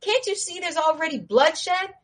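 A woman voicing a calm, wise male warrior who reasons steadily and talks in a casual street manner. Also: very high voice, normal speed, voice pushed up. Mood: earnest.

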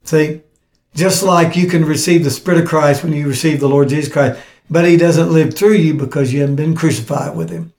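A man's voice: fairly high pitch, steady tone, a little fast, a little mellow. A man preaching a teaching sermon, reading scripture aloud and urging his listeners with earnest, repetitive exhortation. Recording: echoey room.

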